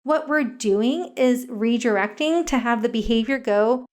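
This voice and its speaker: Woman, parenting educator, earnest, explanatory, slightly high pitch, podcast interview. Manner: earnest, explains step by step with frequent "like" fillers. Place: podcast recording.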